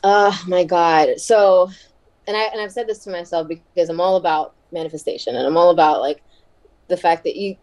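A woman guest in a casual interview, chatty and quick to laugh, with many fillers. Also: fairly low pitch, darkish tone, low-quality recording. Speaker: wrestler and podcast guest.

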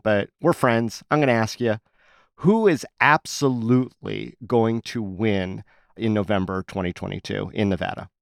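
A man's voice: on the low side, creaky, dry recording, clean studio sound. A man hosting a local news podcast, interviewing a guest and reading news and listener messages in a playful, upbeat way. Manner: playful, upbeat host patter. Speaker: podcast host.

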